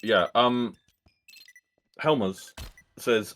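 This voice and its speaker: Speaking on a game team's casual livestream, a man reads viewer questions aloud and answers them earnestly, often restarting his sentences. His voice sits low and moves fairly quickly.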